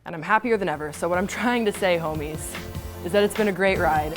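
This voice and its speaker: Fast-talking young woman with an American accent. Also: lowish voice, music in the background. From Belgium. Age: young adult. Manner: playful and self-mocking. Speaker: student show presenter. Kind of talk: comic personal story to camera.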